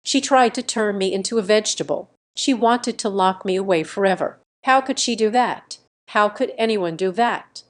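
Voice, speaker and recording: A woman's voice: medium pitch, moderate pace, hardly any pauses, natural voice. Woman reading as a panicked, distraught son. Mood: choked. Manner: panicked, choked speech.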